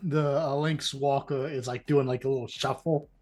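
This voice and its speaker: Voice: mid-range voice, fairly even intonation, normal speed, darkish tone. A tabletop game player who jokes around, full of likes and restarts.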